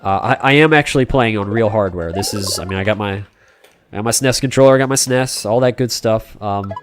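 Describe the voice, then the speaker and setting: A rambling, chatty man with a somewhat low voice, talking casually to his live-stream viewers while he plays. Faint music sits behind him. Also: a little fast. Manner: chatty, rambling, talks to chat by name, many fillers and restarts. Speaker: game streamer.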